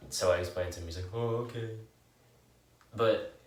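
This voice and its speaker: Young NY co-host, very low voice, easygoing storyteller, echoey and off-mic. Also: male voice, steady tone, fast talker. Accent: New York. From New York. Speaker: podcast co-host. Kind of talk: casual chat. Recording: roomy and distant from the mic.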